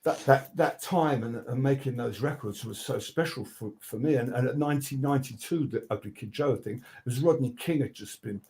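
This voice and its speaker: Speaking at a moderate pace with barely a pause, this older man has a mid-range voice. He's a guest record producer sharing laid-back studio stories, full of swearing, restarts, fillers, and lively impressions of what others said.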